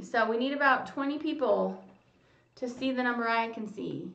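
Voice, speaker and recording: Chatty woman hosting a gravelly lo-fi livestream. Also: on the high side, moderate pace, fairly bright tone, distant mic. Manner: chatty, reads comments aloud, hums while waiting. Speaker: livestream host. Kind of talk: casual livestream chat. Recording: lo-fi roomy home stream audio.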